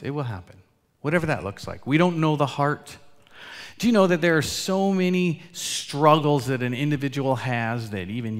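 A man preaching a sermon as pastor, earnest, swinging between loud emphatic lines and quiet, soft asides. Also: mid-range voice. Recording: long hall reverb.

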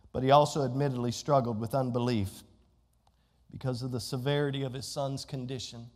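A man's voice: medium pitch, darkish tone. A man preaching a sermon as pastor, calling out questions to the congregation. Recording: long hall reverb.

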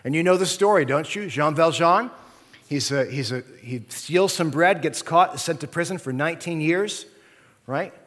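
Male pastor, slightly high voice, conversational sermon, long hall reverb. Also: moderate pace, fairly bright tone. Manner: conversational preaching with frequent "right?" and "okay?".

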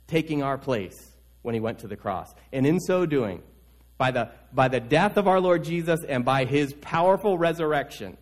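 A pastor preaching a sermon in an earnest, urging way, building through repeated phrases. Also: male voice, on the high side.

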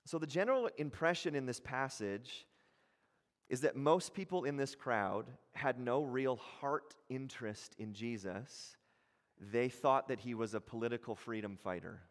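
In a sermon recorded with big-room acoustics, a male pastor speaks unhurriedly in a mid-range voice. He delivers it animatedly, impersonating crowd voices and restarting many times.

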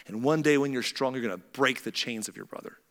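A man voicing a slow, blind old father. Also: mid-range voice, a bit bright, in a large hall, lightly acted. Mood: puzzled.

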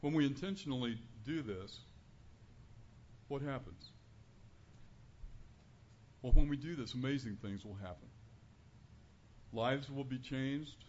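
A man's voice: mid-range voice, takes it slowly, long pauses, darkish tone. Earnest man preaching a sermon. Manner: earnest, conversational preaching with rising emphasis. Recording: dull lo-fi recording with faint room noise.

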